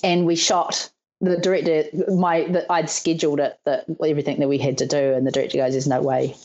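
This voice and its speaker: A woman's voice: sits low, brisk, highs cut off. A woman, a stunt performer in her thirties, telling stories in a casual interview and acting out the lines of people she quotes, laughing often. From New Zealand. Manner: animated, laughing, acts out quotes.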